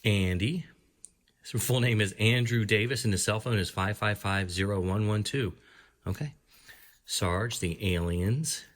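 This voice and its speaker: A man hosts his own review channel, leafing through a book and reading out entries. His voice sits on the low side, and his delivery stays casual and chatty, with quick asides between pages. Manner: chatty, reads entries aloud, small laughs. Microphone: camera framing his hands and a book.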